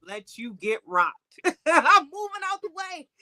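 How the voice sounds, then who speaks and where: A woman's voice: extremely high pitch, very animated, a little slow, bright, forceful tone, no echo, low-quality recording. A woman co-hosting a live-streamed sports talk show, fiery and firing off rhetorical questions.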